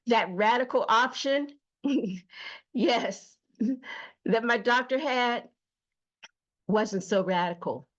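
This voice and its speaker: A woman hosting her own show, telling a personal story slowly and emotionally with emphatic repetition. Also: mid-range voice, a bit bright, lo-fi sound. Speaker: host. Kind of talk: personal testimony monologue.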